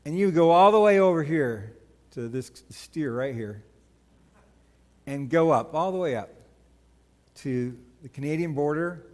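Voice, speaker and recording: A man leads his church as pastor, his voice sitting a little high for a man. He preaches in a casual, joking way, full of asides and stories. The sound carries a long church-hall reverb. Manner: conversational, joking, animated storytelling. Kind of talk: sermon. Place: church sanctuary.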